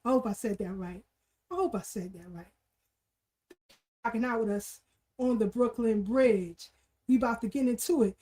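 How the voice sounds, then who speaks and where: A high-voiced woman hosts a livestream talk show, chatting casually and shouting out viewers. She uses street slang and repeats her greetings three times over.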